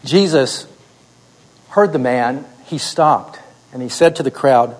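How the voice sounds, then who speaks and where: A man's voice: medium pitch, slow, a little mellow, low-quality recording. A man teaching a seminary class how to tell a story aloud, explaining and then telling it himself on a wired mic. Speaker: teacher of oral Bible storytelling. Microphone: wired microphone.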